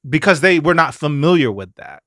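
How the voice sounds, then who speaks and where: A man from Mississippi talking casually as a podcast guest, mid-pitched and lively, slipping into quoted voices as he tells stories. The sound is dry and close, with no room around him. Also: a little fast, dry recording. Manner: animated storyteller, acts out quoted voices. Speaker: guest singer.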